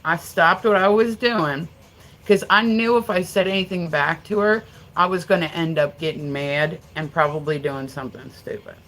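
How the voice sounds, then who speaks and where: Middle-aged female streamer, lowish voice, rambling profane chat to viewers. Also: moderate pace, a bit bright, rough recording. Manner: answers viewer comments aloud. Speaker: livestreamer. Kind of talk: casual live-stream chat.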